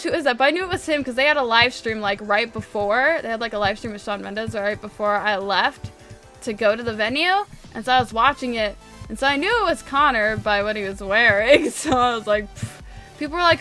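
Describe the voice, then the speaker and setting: A young woman from northwest Indiana chatting excitedly while she plays a game, full of "like" fillers. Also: on the high side. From northwest Indiana, USA. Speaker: gaming vlogger. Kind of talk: casual storytelling over gameplay.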